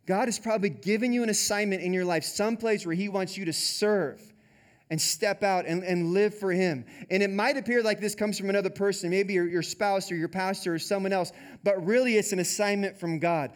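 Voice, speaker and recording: A male pastor preaching a sermon in a conversational, animated way, often saying "like.". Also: high voice.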